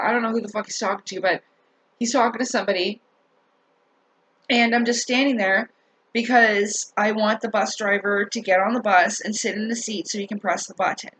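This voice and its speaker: A woman telling a story in a casual rant to her viewers, animated, swearing and laughing as she talks. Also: mid-range voice, fairly quick, poor audio. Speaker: vlogger.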